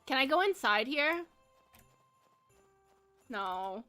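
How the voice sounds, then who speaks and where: A woman's voice: high voice, sing-song, very slow, bright, forceful tone, faint music behind. A young American woman streaming a game, chatting with viewers in a bubbly way and giggling often. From United States. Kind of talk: casual live-stream chat while gaming.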